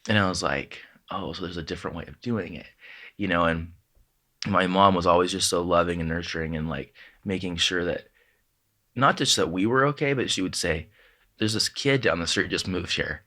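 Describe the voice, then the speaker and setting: A man with a very low yet bright, forward voice tells stories about his family and loss. He speaks in a heartfelt, halting way, with many restarts, and often slips into quoting his parents. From Southern California. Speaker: podcast guest, author. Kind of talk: emotional personal storytelling.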